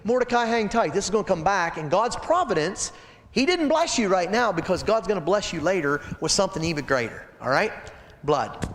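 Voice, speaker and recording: A man with a high, bright-toned voice preaches to a Bible study group and tells the story with lively energy. He keeps turning to his listeners with direct questions. The sound carries a long reverb, as in a church hall. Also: a little fast. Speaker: pastor leading a Bible study. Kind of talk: midweek Bible study sermon.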